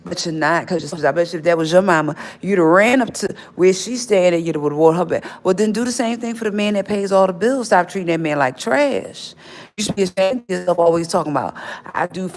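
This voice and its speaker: A woman's voice: on the low side, fairly quick. A woman on a phone livestream, ranting straight at an absent person in a confrontational, scolding, repetitive way. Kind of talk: livestream rant.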